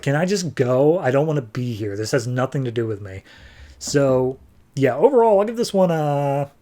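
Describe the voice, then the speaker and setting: A man's voice: mid-range voice, warm tone. A man hosting a podcast, reviewing comics in a casual, rambling way.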